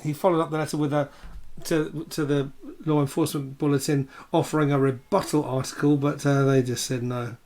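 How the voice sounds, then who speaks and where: A man co-hosting a podcast, calmly recounting facts in casual chat. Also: fairly high pitch, a little fast, hardly any pauses. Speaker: podcast co-host.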